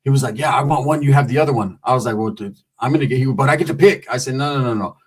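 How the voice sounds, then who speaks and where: A man rattles through a comic story very fast, his voice slightly rough. He's casual, profane, and slangy, and uses squeaky voices when quoting others.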